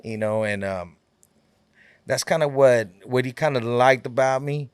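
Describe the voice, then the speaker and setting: A man's voice: mid-range voice, a little slow, clear, resonant tone, no room sound. A man guesting on a podcast, telling a long story in a laid-back, rambling way, full of fillers and quoted back-and-forth. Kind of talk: casual storytelling.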